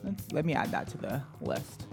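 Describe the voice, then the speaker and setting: A man co-hosting a radio chat show, telling stories in a lively way and acting out his own panicked lines. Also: fairly high pitch, normal speed, vocal fry, music in the background. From New Jersey. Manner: animated storytelling, acts out his own panicked quotes. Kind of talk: casual chat.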